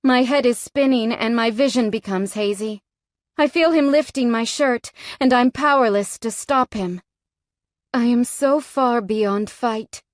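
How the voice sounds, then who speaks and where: A woman's voice: on the high side, no echo, studio quality. A woman narrating a romance novel in the first person, in a tense, dramatic manner. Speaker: audiobook narrator.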